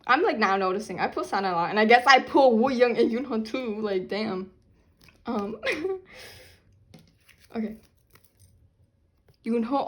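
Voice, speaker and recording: A young woman filming an unboxing vlog, talking loudly and dramatically, laughing and half-crying over what she gets. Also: fairly high pitch, lively intonation, takes it slowly, long pauses. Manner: loud, chaotic, dramatic reactions with laughing and fake crying. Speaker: vlogger unboxing albums.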